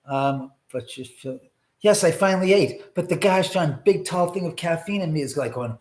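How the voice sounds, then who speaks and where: A man's voice: on the high side, lively intonation, normal speed, a little mellow. A man hosting a livestream from his home, wired on caffeine, rambling and swearing giddily. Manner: rambling, profane, giddy. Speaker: livestream host. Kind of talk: casual livestream chat. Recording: echoey room.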